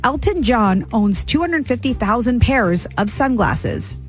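Woman, radio co-host, fairly high voice, brisk, reads trivia questions. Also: sing-song, faint music behind. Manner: brisk, laughs often.

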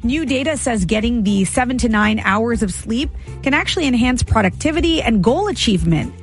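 A female radio co-host reads trivia questions and chats in a brisk way, laughing often. Her voice sits fairly high. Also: animated, soft background music.

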